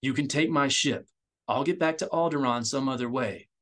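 A man's voice: medium pitch, moderate pace, fairly bright tone, pitched above the performer's own voice, lightly acted. A man voicing a loyal male aide who speaks urgently, firmly and bitterly in an audiobook. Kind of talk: audiobook character voice.

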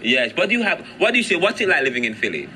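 A man hosting a street interview podcast outdoors, talking in an emotional, halting way with many restarts. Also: fairly high pitch, very animated, pushed and bright, poor audio. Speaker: podcast host.

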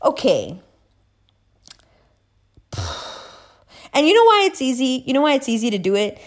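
A woman's voice: sits high, wildly swooping pitch, unhurried. A young woman ranting casually to camera, profane and emphatic with lots of fillers. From South Asian heritage. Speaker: astrology YouTuber.

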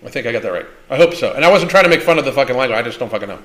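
A man with a medium-pitched, slightly bright voice talks rapid-fire and animated while hosting a livestream Q&A. His rant is blunt, profane, and combative.

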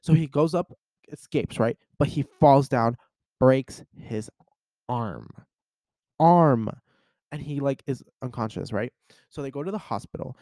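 Young male podcast host, casual storyteller, mid-pitched, dry close sound. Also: measured pace, pauses often, dry recording. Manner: animated storyteller, acts out voices. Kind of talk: casual chat.

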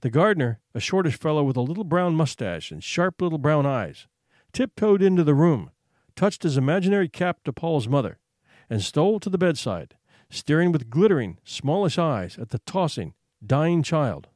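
Expressive male storyteller, dry close sound. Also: fairly high pitch, no echo. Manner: expressive, builds suspense with hushed pauses. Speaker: narrator. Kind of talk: dramatic story reading.

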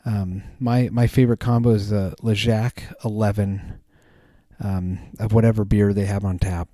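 A man's voice: fairly low pitch, little pitch movement, moderate pace, mellow, no room sound. A man hosting a podcast, chatting casually in a rambling way with many ums and restarts. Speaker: podcast host. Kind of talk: casual chat.

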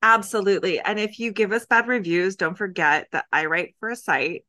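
A young adult woman co-hosts a podcast, rambling through jokes in casual chat. She speaks at a moderate pace in a mid-range voice that sounds pushed and bright.

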